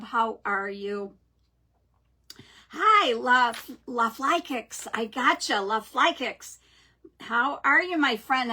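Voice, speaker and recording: A woman's voice: fairly high pitch, bright, forceful tone. A middle-aged woman hosting a live craft stream, chatting casually and greeting viewers by name.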